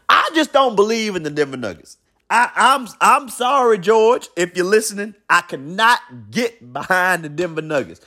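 Male sports show host, high, lively pitch, blunt and colloquial opinion monologue. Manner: animated, blunt, colloquial, repeats himself. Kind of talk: opinionated basketball commentary monologue.

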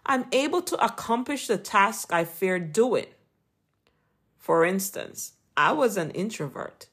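A woman's voice: on the high side, fairly bright tone. A woman with a Jamaican accent reading an earnest, encouraging Christian motivational talk as a podcast host. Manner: earnest, encouraging, read from a script.

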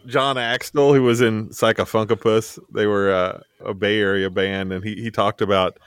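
A man with a somewhat low voice chats easily on a podcast. He tells a story in a relaxed, unhurried way. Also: clear, resonant tone, no echo. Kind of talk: casual chat.

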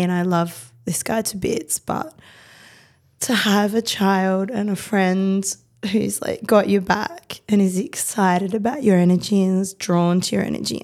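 A woman in her thirties, a podcast guest talking candidly in a rapid, rambling, heartfelt way with many fillers. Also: medium pitch, darkish tone. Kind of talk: candid conversational interview.

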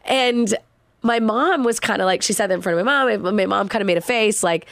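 A woman's voice: mid-range voice, fairly quick, vocal fry, a bit bright, no room sound, clean studio sound. A young pregnant woman co-hosting a podcast, telling a friend's story in friendly casual chat. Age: young adult. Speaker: podcast co-host.

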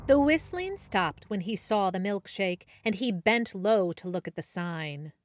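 Slow, expressive woman storyteller. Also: mid-range voice. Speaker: narrator. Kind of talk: children's storytelling. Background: soft soundtrack music.

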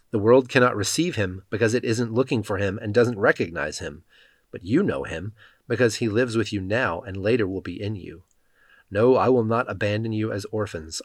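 Low-voiced man reading scripture. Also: no room sound. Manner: measured, even reading with quotes voiced in the same voice. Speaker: scripture reader.

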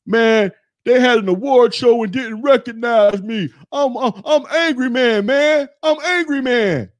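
A man's voice: extremely high pitch, unhurried, dry recording, studio quality, pitched above the performer's own voice. A man mocking a whiny, self-pitying middle-aged man who complains online. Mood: whining. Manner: whining, complaining.

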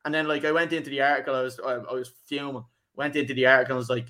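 Sweary laughing lad. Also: male voice, mid-range voice, flat delivery, very fast, few pauses, sharp tone. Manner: sweary, laughing, rambling storyteller. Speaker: podcast host. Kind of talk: casual football podcast chat.

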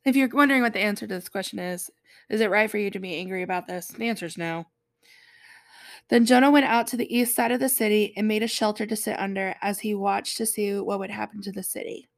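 A young woman giving casual, slangy Bible study commentary, chatty and quick to laugh. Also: mid-range voice. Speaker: Bible teacher.

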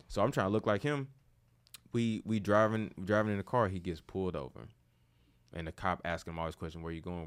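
Deep-voiced man telling stories, slangy. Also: normal speed, clear, resonant tone. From St. Louis, USA. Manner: loose and slangy, swings into animated storytelling. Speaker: podcast host. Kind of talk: casual conversation.

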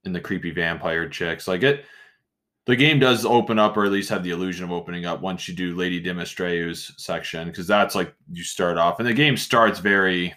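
Deep-voiced man rambling casually. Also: a little fast. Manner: rambling and animated, self-interrupting. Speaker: podcast co-host. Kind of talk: casual chat.

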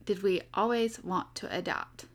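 A woman's voice: medium pitch, expressive, a little slow. A young adult woman hosting a casual podcast, chatty and upbeat with frequent fillers. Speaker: podcast host.

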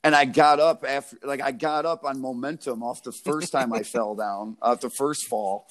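A young American man spins loose, swear-filled anecdotes in easygoing podcast chat. His voice sits at an ordinary middle pitch, and he laughs while he talks. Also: steady tone, normal speed. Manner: rambling, profane, laughs through his stories. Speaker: podcast co-host. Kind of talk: casual storytelling chat.

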